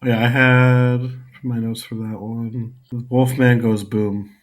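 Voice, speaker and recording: A man's voice: mid-range voice, little pitch movement, slow. A man co-hosting a podcast in casual chat, laid-back and dropping wry one-liners. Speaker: podcast co-host.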